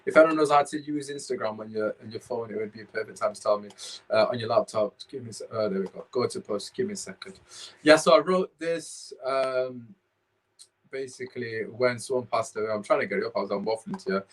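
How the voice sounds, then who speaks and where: A man's voice: mid-range voice, fairly quick, poor audio. A man hosting a casual podcast, rambling and restarting while he searches his phone. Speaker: podcast host.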